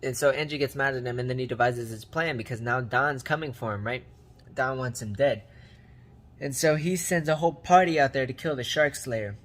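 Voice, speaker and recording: A man's voice: mid-range voice, fairly quick, fairly bright tone. A man giving a casual comedic recap of a movie, rambling in slang and repeating catchphrases. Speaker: movie reviewer.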